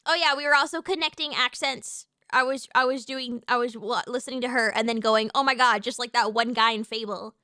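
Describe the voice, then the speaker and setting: High, bright-voiced excitable woman streamer. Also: brisk, few pauses, no room sound, studio quality. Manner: excitable, swears freely, lots of fillers and restarts. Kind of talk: casual live-stream chat, reacting to chat.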